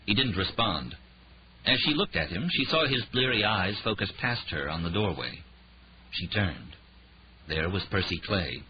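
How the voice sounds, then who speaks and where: A man narrating an audiobook thriller in a dramatic, expressive reading. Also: deep voice, measured pace, slight background noise. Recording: dull lo-fi audiobook recording.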